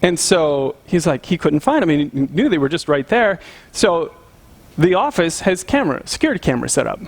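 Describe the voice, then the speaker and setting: A male pastor delivers a sermon in an easygoing, conversational manner. He tells stories as though chatting with friends. His voice sits slightly higher than most men's. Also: very animated, moderate pace, gravelly. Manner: conversational storytelling, chuckling.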